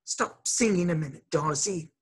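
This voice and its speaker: Woman reader doing a brave, bossy young mongoose, low husky tone, storybook. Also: normal speed. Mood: urgent. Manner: impatient, commanding. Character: brave, sharp-tongued young male mongoose.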